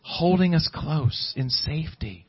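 Guy preaching a sermon, kinda high voice, stumbles and repeats, muffled old recording. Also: expressive, a little slow, breathy edge. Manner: repetitive restarts, rising fervor.

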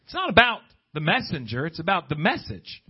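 A man preaches a sermon with a somewhat high voice. He swings from ringing, pleading exclamations down to quiet, hushed asides. The recording sounds dull and lo-fi. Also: huge pitch swings, fairly quick, slightly rough.

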